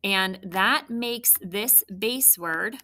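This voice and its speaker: A woman teacher giving a recorded spelling lesson to children, patient and clear, prompting with questions. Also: medium pitch, extremely slow, bright, forceful tone.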